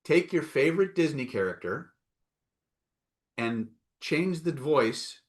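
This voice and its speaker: A man's voice: fairly high pitch, animated, slow pace. A man teaching a live online self-help session, coaxing and emphatic, often checking in with "right?" and "okay?". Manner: coaxing, repeats "right?" and "okay?", reads out chat replies.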